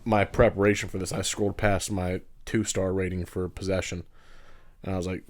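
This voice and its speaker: A man's voice: sits low, little pitch movement, a little fast. A man co-hosting a podcast, laid-back and easy to laugh, swearing casually while chatting about films. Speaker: podcast co-host. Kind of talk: casual film chat.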